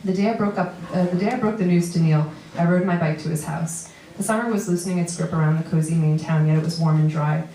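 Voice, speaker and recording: Woman, New York accent, low voice, reads her own prose on stage with wry asides; roomy live recording from a distance. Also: quick pace, dark tone, slight background noise. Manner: reads steadily, with dry asides to the audience. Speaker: comedian reading a memoir piece. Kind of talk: live reading of personal prose. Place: small theater stage before an audience.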